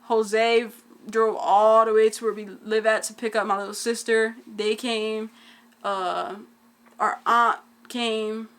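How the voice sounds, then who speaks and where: A woman's voice: fairly high pitch, little pitch movement, slow pace, fairly bright tone, smooth. A young woman, telling a family story in casual vlog chat, full of "like"s. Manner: casual, dialect-heavy storytelling with many "like"s. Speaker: twin vlogger.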